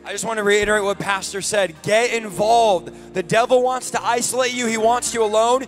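A man's voice: high voice, steady tone, moderate pace, faint music behind. A man giving an earnest, urging closing exhortation as guest evangelist at a church service.

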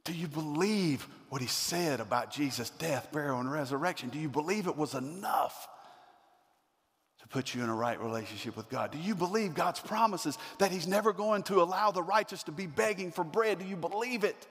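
A man's voice: fairly high pitch, lively intonation, normal speed, fairly bright tone, husky, in a large hall. A man preaching a sermon as pastor, building to emphatic repeated questions. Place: church sanctuary.

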